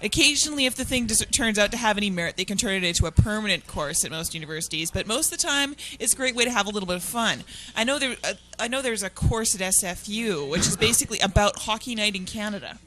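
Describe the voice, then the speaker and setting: Bright fast-talking man in faint noise. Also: high-pitched, lively intonation. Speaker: radio show co-host. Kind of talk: casual studio chat.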